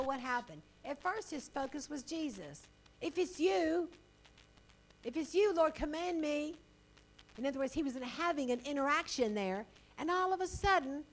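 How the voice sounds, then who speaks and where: A woman delivers a sermon in a high, bright-pitched voice. Her pitch swings widely as she talks. She laughs often and keeps it chatty and animated while reading scripture aloud. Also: poor audio. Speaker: preacher.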